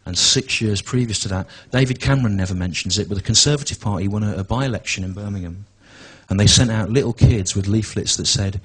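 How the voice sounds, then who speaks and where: Bloke in his 40s doing standup, dry and halting, kind of husky. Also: on the low side, poor audio. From England. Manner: deadpan, halting, full of restarts and asides. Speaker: stand-up comedian. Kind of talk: stand-up comedy routine. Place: comedy venue with a live audience.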